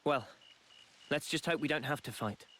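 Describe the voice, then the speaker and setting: A man playing a calm ally who lays out a plan in a measured, explanatory way. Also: fairly high pitch, slight background noise.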